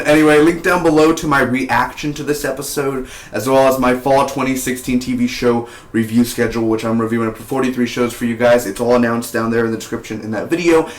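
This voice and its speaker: A man's voice: medium pitch, roomy sound. Chatty young man reviewing a show. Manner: chatty and rambling, with asides. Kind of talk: casual spoken review.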